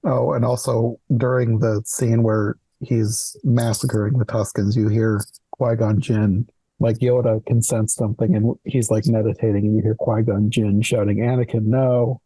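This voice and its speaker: Mellow-voiced man recapping a film. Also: lowish voice, level tone, normal speed, husky, no echo. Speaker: podcast host. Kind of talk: casual movie recap.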